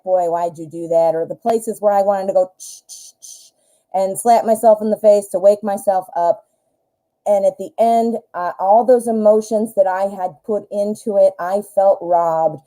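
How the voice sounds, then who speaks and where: A woman's voice: mid-range voice, warm tone, rough recording. A woman hosting a live tarot stream, giving emphatic, protective advice to a viewer and scolding him not to be hard on himself. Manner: emphatic, scolding, protective, swears when heated. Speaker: tarot reader host.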